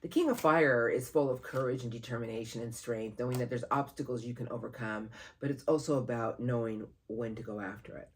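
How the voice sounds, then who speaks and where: Tarot reader, mid-pitched, husky tone; earnest, encouraging monthly reading with lively bursts. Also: a little fast, few pauses. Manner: animated, sudden jumps in pitch and loudness, laughs at the cards; earnest, encouraging, talks to spirit guides aloud.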